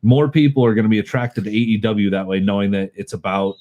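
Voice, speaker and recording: A man's voice: fairly low pitch, little pitch movement, quick pace, dark tone, dull audio. A man co-hosting a wrestling podcast, emphatic and acting out quoted lines in casual chat. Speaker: podcast co-host.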